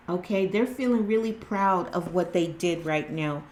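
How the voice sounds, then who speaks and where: In a lowish, a little mellow voice, the tarot channel host talks at normal speed with few pauses. Her casual spiritual vlog chat is earnest and packed with fillers and restarts, recorded indoors at home by natural light.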